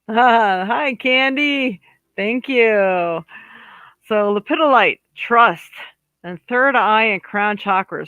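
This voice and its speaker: The man's voice sits high, with no room sound and the highs cut off. He's a psychic card reader doing a chatty monthly horoscope reading, talking aloud to spirit and straight to viewers, with warm asides, many fillers, and restarts.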